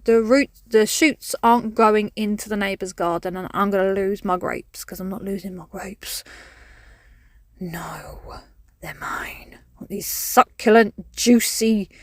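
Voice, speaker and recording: A woman's voice: mid-range voice, no echo, studio quality. A woman chatting casually in a garden vlog, jokey and self-mocking. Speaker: vlogger. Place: outdoors in a garden.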